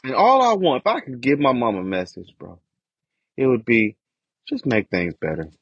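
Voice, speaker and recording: Husky-voiced man ranting on a podcast. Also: medium pitch, sing-song, normal speed, a bit bright, no echo. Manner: frustrated profane ranting about family. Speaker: podcast host. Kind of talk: casual podcast monologue. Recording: dull lo-fi dry recording.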